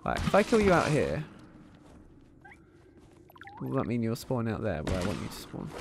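A man's voice: fairly low pitch, huge pitch swings, moderate pace, creaky, noisy background. Chatty man narrating gameplay. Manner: enthusiastic, chatty, frequent ums. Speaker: gaming channel host. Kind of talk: casual gameplay commentary.

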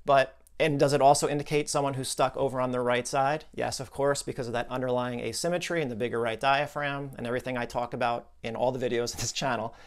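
A man's voice: medium pitch, fairly even intonation, fast talker, few pauses. A man explaining a client's case in a conversational video lesson, thinking aloud with asides and restarts.

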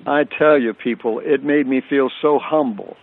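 An older man tells a personal faith story as a radio guest, earnest and repeating phrases for emphasis. His voice sits at an ordinary pitch for a man. It comes through a thin, tinny phone line. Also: normal speed.

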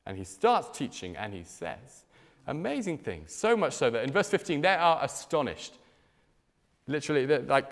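A man preaches in a church, with a lively, animated delivery that rises and drops. His voice sits in an ordinary middle pitch. A long reverb from the hall trails after each phrase. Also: moderate pace. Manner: animated storytelling with strong swings in pitch and loudness. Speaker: pastor. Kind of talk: sermon.

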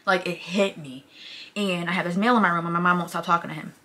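A young woman vlogger telling a personal story to camera in a casual, animated, rambling way, full of fillers and restarts. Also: fairly low pitch, fast.

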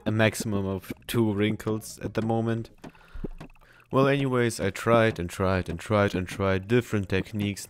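A man's voice: fairly low pitch, a little hiss or hum. A man giving jokey, self-mocking commentary while playing a video game. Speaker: gaming YouTuber. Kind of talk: let's-play commentary.

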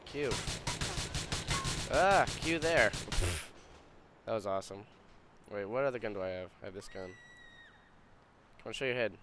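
A man's voice: fairly low pitch, fairly quick, long pauses. A man giving casual gameplay commentary, swearing often and grumbling in frustration. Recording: game audio noise behind.

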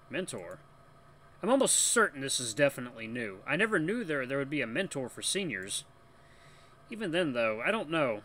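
An excitable man hosting a gaming playthrough. He reads the story aloud and jumps in with his own reactions. His voice is high and bright. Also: brisk, some chatter behind, a little hiss or hum. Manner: excitable, laughs easily, breaks into loud protest. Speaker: gaming channel host. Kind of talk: let's play commentary, reading the game text aloud.

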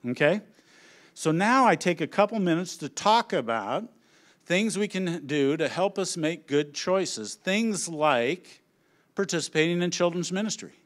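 A middle-aged man speaking on a conference stage, telling family stories as an animated storyteller who acts out his family's lines. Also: on the high side, unhurried. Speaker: conference speaker on children's ministry. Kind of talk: humorous presentation to an audience.

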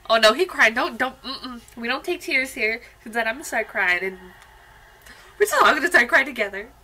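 A woman's voice: fairly high pitch, animated, brisk, sharp tone, poor audio. A young woman hosting a music video reaction, chatty and gushing as she comments. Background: faint music.

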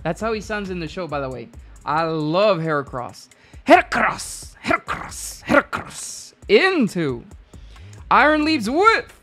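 A woman hosting a live card-opening stream, excitable and repeating hype phrases in bursts. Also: lowish voice, moderate pace, faint music behind.

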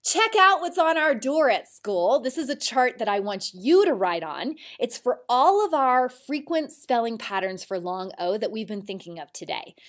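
A woman teacher giving a recorded spelling lesson to children, speaking slowly and clearly in an encouraging way. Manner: slow, clear, encouraging teacher voice with lively pitch.

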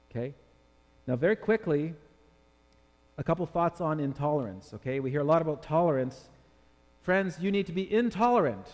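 A man preaching from the pulpit with a somewhat raised voice, driving his points home with rhetorical questions to the congregation. His voice rings with a long church reverb. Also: fairly high pitch. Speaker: pastor. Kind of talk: sermon.

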